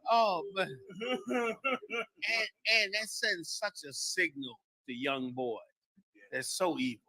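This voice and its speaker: Male co-host, high bright voice, emphatic and mocking, casual talk-show delivery. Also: slow pace, rough recording. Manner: mocking, emphatic, repeats himself. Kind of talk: casual chat.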